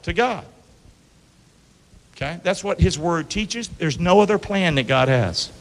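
Male pastor, high voice, call-and-response sermon, long church reverb. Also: lively intonation, measured pace. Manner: call-and-response preaching, asks congregation to repeat. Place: church sanctuary.

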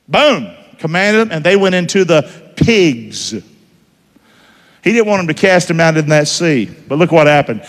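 A male pastor with a drawl, preaching in an animated, rising-and-falling voice that sits a little high for a man. He talks to the congregation conversationally and keeps firing questions at them. The sound carries a long church-hall reverb. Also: moderate pace. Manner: lively, conversational preaching with call-and-response questions. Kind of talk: sermon.

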